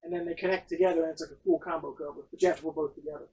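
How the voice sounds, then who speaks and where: A man's voice: fairly high pitch, fairly even intonation, very fast, darkish tone, a little hiss or hum. A man co-hosting a casual podcast about comics and games, blunt, sarcastic and profane. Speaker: podcast co-host. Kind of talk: casual comic and game chat. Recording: distant room mic.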